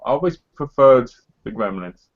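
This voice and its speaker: A man's voice: medium pitch, expressive, moderate pace. English man, blunt and sweary, dull lo-fi stream audio. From England. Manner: blunt, sweary, mock-boastful. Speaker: co-host. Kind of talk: casual live chat. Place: living in America.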